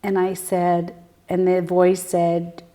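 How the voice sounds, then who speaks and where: A woman guest telling personal stories in an interview, earnest and reflective, halting with fillers and sometimes sinking to a near whisper. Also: lowish voice, monotone, warm tone. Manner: halting, with frequent fillers and restarts. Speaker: guest, spiritual medium.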